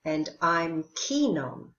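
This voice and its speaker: A woman teaching an English lesson, speaking slowly and carefully and modelling pronunciation clearly. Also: sits low, sing-song, a bit bright. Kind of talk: recorded language lesson. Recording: roomy, dull lo-fi sound.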